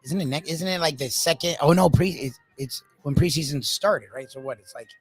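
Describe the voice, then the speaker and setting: Radio co-host, man, higher pitch, quick casual banter, light music bed. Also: breathy edge. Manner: quick, laughing banter with swearing. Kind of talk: casual sports talk.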